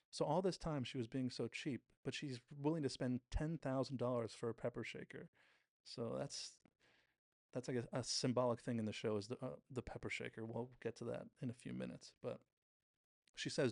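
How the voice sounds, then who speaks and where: A man hosting a show, casually recapping a TV episode scene by scene and quoting the characters in quick impressions. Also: mid-range voice, vocal fry, darkish tone, no echo. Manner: retells scenes with quick quoted impressions, self-correcting. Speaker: podcast host reviewing a TV episode.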